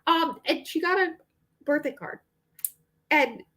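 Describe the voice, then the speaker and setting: Chatty young woman, slightly high voice. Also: animated, slow pace, fairly bright tone. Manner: rambling and chatty, with frequent fillers and laughs. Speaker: book vlogger. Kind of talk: casual chat.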